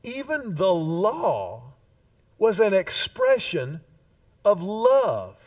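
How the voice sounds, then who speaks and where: A man preaching a Sunday sermon to his congregation in a church, animated and playful with humorous asides. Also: high voice, very slow, recorded from a distance, dull audio. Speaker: pastor. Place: church sanctuary.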